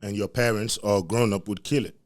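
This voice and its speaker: Podcast host, young man from Africa, lowish voice, animated profane storyteller. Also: brisk. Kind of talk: storytelling rant.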